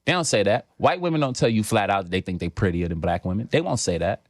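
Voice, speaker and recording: A young man with a New York accent talks through his comedy in emphatic, profane bursts. His pitch rises and falls a lot, and the recording is close and dry. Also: animated, fast, no room sound. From New York City. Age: young adult. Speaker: comedian guest. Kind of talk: casual podcast chat.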